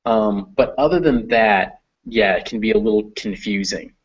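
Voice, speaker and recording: A man's voice: lowish voice, normal speed, slightly rough, lo-fi sound. A man tutoring a student in reading English, explaining patiently with many fillers. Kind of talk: one-on-one reading lesson.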